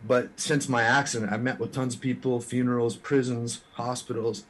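A man from Canada, a musician guest in an interview, telling his story in an earnest, frank way with quick restarts. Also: mid-range voice, flat delivery, fairly bright tone.

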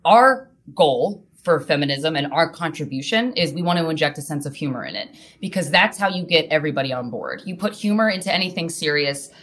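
A woman's voice: sits low, animated, brisk, few pauses, fairly bright tone. A woman comedian speaking frankly and casually as a guest in an interview, swearing freely.

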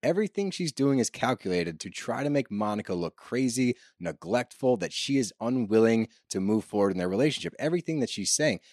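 A man co-hosting a casual recap podcast, animated and sarcastic, swearing freely. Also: mid-range voice, fairly quick, few pauses, no echo, clean studio sound. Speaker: podcast co-host.

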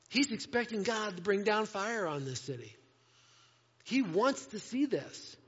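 A man preaching a sermon to a congregation, animated, often acting out voices in quotes. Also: high-pitched, unhurried, slightly rough. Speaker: pastor. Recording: dull sound with long hall reverb.

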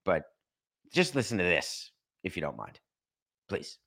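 A man hosting a solo sports podcast, talking in a sarcastic, animated way and acting out little scenes. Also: deep voice, unhurried, vocal fry. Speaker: podcast host.

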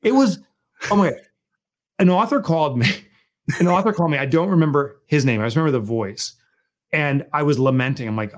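A man's voice: fairly high pitch, a little fast. A middle-aged man, an author and guest, telling stories in casual conversation and joking as he mimics people. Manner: animated storyteller, jokey, mimics people.

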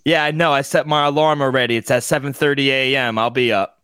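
A man's voice: medium pitch, fairly even intonation, fast, fairly bright tone, clean tone, no room sound. A man co-hosting a sports betting podcast, confidently and matter-of-factly running through his picks and stats. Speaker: podcast co-host, betting analyst.

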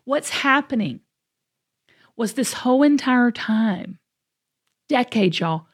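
A middle-aged woman with a drawl, telling a story in a casual podcast. Her voice sits a little high and is animated and dramatic. She slips into voicing the people in her story. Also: slow, husky. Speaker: podcast co-host.

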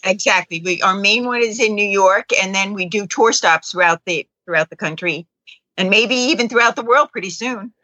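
A woman's voice: medium pitch, moderate pace, bright, forceful tone, dry recording, poor audio. A woman guesting on a radio show, talking up her film festival in an upbeat, promotional way. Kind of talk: radio interview.

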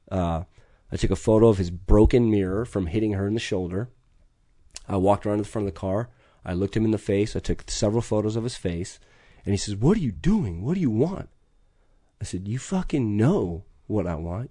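A man's voice: sits low, dark tone, dry recording, clean studio sound. A middle-aged man, telling a story in conversation with intense, profane urgency. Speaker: podcast guest.

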